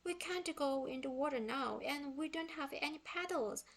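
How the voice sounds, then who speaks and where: A woman reading a storybook aloud, voicing an eager, spunky young girl with a raised, excited tone; her first language is Korean. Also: sits high, moderate pace, voice pushed up. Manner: bright, excited and pleading.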